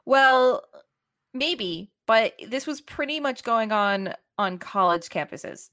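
A woman's voice: on the high side, lively intonation, slow, fairly bright tone, no room sound, studio quality. A woman hosting a casual podcast, asking quiz questions and explaining the answers in a matter-of-fact way. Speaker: podcast host. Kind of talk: casual chat, quizzing a co-host.

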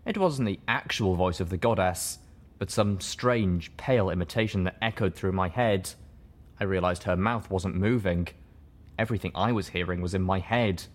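A man with a fairly low voice narrates an audiobook in the first person. His reading is steady and measured, keeping an even pace.

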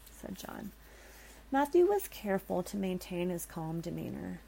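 Low, gravelly woman telling a ghost story. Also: expressive, normal speed, warm tone, low-quality recording. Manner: dramatic, with nervous asides to listeners. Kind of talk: reading a scary story aloud.

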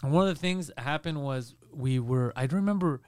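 A man hosting a podcast, telling a story in casual chat with animated, loud bursts. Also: mid-range voice, brisk, dry recording, clean studio sound. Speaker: podcast host.

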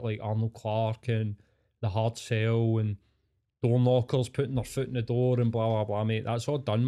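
A man's voice: medium pitch, dark tone. A man with a Scottish accent, hosting a podcast as a casual chat and telling rambling, sweary stories. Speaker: podcast host.

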